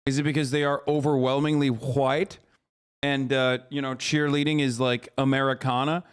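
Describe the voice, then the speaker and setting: A man live-streaming, reacting to a clip in a fast, incredulous, ranting way. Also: medium pitch, flat delivery, smooth. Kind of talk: casual reaction commentary.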